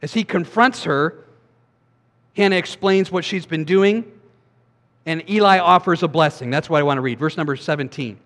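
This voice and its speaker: Guy preaching a sermon, pretty high voice, chatty asides, big hall echo. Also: a bit bright. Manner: conversational preaching with quick asides. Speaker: pastor.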